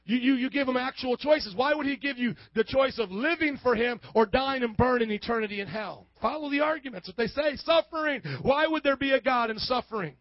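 A man preaching a sermon with fervor, acting out both sides of arguments and building to shouts. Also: extremely high pitch, brisk, few pauses, no echo, lo-fi sound.

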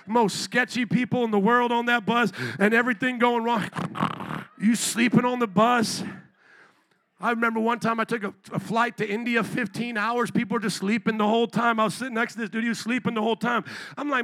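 A male pastor preaching a lively sermon in church, acting out quick voices and rising to shouts. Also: very high voice. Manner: animated preaching, acts out voices.

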